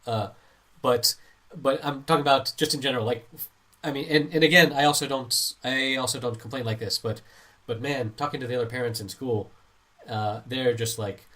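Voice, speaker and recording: A man's voice: medium pitch, moderate pace. Rambling man chatting on a podcast. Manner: relaxed, rambling, with restarts and laughs. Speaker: podcast co-host. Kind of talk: casual chat.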